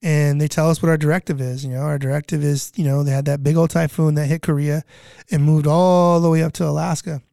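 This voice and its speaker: A thirtysomething man, a disaster relief cook appearing as a guest, rambles through stories from his relief work in a casual chat, dropping lots of "you know" fillers and swearing. His voice is a little high and dark with vocal fry, level in tone and a little fast. The studio recording is clean, with no room sound.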